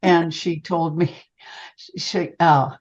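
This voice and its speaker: A woman's voice: fairly low pitch, very slow. An older woman, a psychic medium, telling a personal story in an interview and calling the listener honey. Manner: animated, calls the listener honey. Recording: dull lo-fi sound.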